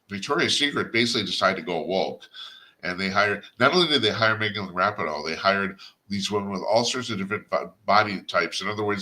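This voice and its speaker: A man's voice: low-pitched, pushed and bright. An older man hosting a talk radio show, giving a blunt, rambling opinion monologue with chuckles and restarts.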